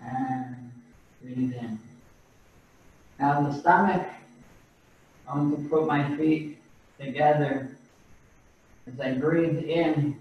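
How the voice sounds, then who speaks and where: A man teaching a qigong class over a video call, giving slow, calm breathing and movement cues. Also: a little high. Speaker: qigong instructor. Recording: roomy, distant, dull video-call audio.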